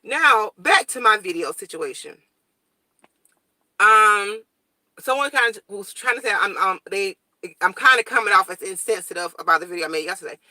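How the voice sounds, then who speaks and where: A young woman chats to her viewers in a casual morning vlog, blunt and straightforward. Her voice is bright and sharp. The sound is dry and close, with no room echo. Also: mid-range voice, moderate pace. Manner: blunt, straightforward, animated storytelling. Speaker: vlogger.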